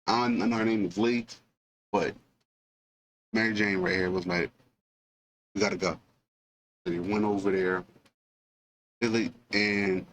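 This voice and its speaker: A man casually retelling a film scene for a movie review, with animated storytelling full of fillers and asides. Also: lowish voice, slight background noise, poor audio.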